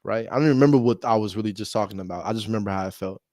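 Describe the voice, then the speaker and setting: A man's voice: fairly low pitch, rapid-fire, darkish tone, no echo, studio quality. A young American man who wholesales real estate, chatting casually between cold calls, laid-back and slangy, laughing often and calling viewers "bro". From United States. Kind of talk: casual vlog talk between phone calls.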